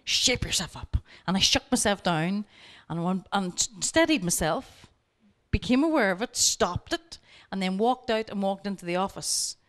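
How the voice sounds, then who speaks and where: Woman, workshop speaker, storytelling lecture, lively anecdotes, direct coaching tone. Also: medium pitch, moderate pace. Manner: lively anecdotes, acting out both sides of the dialogue; direct, coaching asides to the audience.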